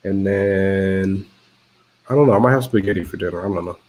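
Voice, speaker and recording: A man's voice: low voice, fairly quick, darkish tone. A man co-hosting a casual sports podcast, talking in a dry, blunt, joking way. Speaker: podcast co-host.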